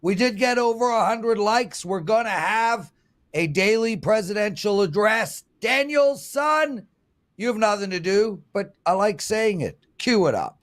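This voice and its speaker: A man in his fifties hosting a sports betting show, pitching promo codes and boasting about his winning picks. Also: animated, a little slow, fairly bright tone. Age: 50s. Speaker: host and sports handicapper.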